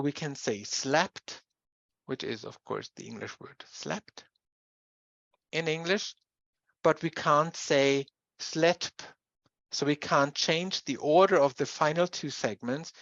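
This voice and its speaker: A university lecturer whose first language is German speaks at a medium pitch with a slightly bright quality, on a dull recording with no room sound. The delivery is explanatory, spelling out sounds and examples.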